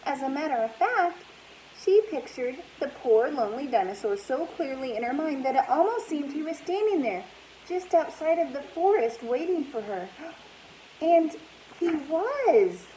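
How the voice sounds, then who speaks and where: A woman, a teacher, reading a storybook aloud in an animated way and asking her listeners questions. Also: high voice, a little slow, slight background noise, rough recording.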